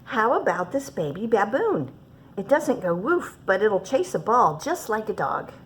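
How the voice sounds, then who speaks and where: A woman's voice: medium pitch, sing-song, a little slow, a little hiss or hum. A woman reading aloud and voicing a male animal shelter keeper who eagerly pushes odd pets. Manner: eager salesman patter.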